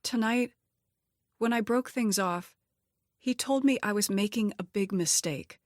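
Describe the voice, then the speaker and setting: A woman's voice: mid-range voice, a little slow, no echo, voice pushed up, natural voice. Hesitant, flustered widowed mother, read by a woman narrator, dry close recording. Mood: shaken. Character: nervous widowed mother, young adult woman.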